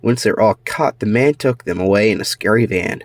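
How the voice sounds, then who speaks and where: A man reading his own children's storybook aloud, animated, with slips and restarts. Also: fairly low pitch, a little fast, a little hiss or hum.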